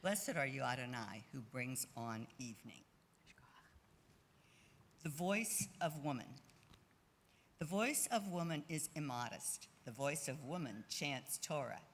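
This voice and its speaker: A man with a gravelly, mid-pitched voice recites prayers at a measured, steady pace. He is recorded in an echoey synagogue sanctuary with long reverb. A faint hum of room ambience sits under him. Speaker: service reader. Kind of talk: responsive prayer reading.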